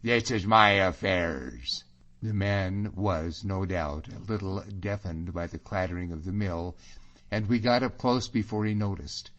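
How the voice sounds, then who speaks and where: A man reading an audiobook novel as narrator, in a measured, even storytelling manner, on a dull lo-fi recording. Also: low-pitched.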